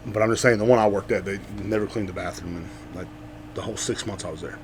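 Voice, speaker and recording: A man from Central Texas, USA, hosts a podcast, ranting casually and rambling with heavy profanity and sarcasm. His lowish voice stays steady in tone while he talks fast, over a little hiss or hum.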